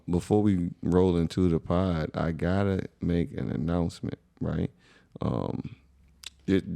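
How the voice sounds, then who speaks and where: Podcast co-host, young American man: very low, gravelly voice, relaxed slangy storyteller. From USA. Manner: laid-back, conversational, slangy. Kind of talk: casual storytelling chat.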